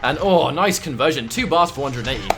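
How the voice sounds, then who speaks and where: Brief: male esports caster, animated delivery, music under him. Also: medium pitch, fairly quick. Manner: excitable, breaks into loud shouts at big moments. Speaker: esports commentator. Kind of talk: live fighting game commentary.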